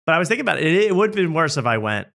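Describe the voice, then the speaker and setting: A man's voice: on the high side, very fast, gravelly. A young adult man hosting, telling a self-mocking story in casual chat and acting out the people in it. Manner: animated, self-mocking, acts out quotes. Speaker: host.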